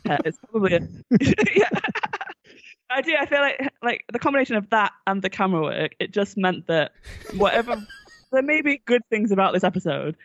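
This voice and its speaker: A woman's voice: mid-range voice, lively intonation, brisk, no room sound, highs cut off. A woman from Derbyshire with an East Midlands accent, co-hosting a casual review chat and ranting in an exasperated way, with some swearing. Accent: East Midlands English. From Derbyshire, England. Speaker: podcast co-host reviewer.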